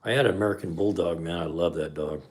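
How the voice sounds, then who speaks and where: A man's voice: sits low, fast talker. A middle-aged man hosting a podcast livestream, chatting casually and reading live comments in a laid-back way.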